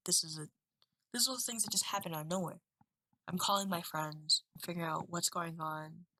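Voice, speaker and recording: A woman's voice: fairly low pitch, bright, forceful tone, poor audio. A woman in her twenties talking candidly into a webcam at home, rambling and emotional in a confessional vlog. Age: 20s. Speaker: vlogger.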